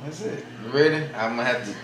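A man's voice: mid-range voice, fast talker, echoey room, noisy background. A man teasing a friend in casual chat, laughing and swearing as he jokes around.

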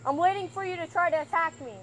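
A woman's voice: extremely high pitch, quick pace, fairly bright tone, slight background noise. A young woman vlogging at home in a casual, playful, teasing way. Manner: playful, teasing trash talk. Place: house, indoors and outside.

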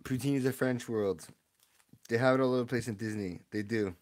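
Male streamer, mid-pitched, chatty and excitable, casual live-stream host. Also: brisk. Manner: excitable, chatty, talks to viewers. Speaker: streamer opening card packs.

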